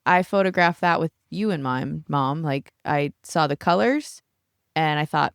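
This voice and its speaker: A woman's voice: sits low, unhurried, smooth, no echo, clean studio sound. A woman co-hosting a podcast on a yacht, chatting casually and acting out quotes with laughs. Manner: animated storytelling, acts out quotes, laughs often. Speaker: podcast co-host and photographer. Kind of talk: casual chat. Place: aboard a family yacht.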